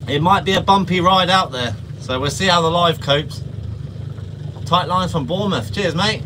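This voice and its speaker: A man with a high voice chats casually with his livestream viewers, dropping friendly slang as he goes. He is out on a small fishing boat, and loud engine and wind noise sit under his voice. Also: moderate pace. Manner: chatty, reads out viewer comments, friendly slang. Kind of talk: casual live-stream chat with viewers. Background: boat engine and water.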